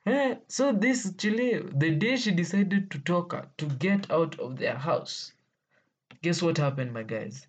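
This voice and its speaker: Unhurried Kenyan storyteller, playful and laughing. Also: medium pitch, darkish tone, lo-fi sound. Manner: playful, exclaiming, laughing often, mixing English with Swahili slang. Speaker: vlogger telling stories. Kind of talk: casual storytelling to viewers.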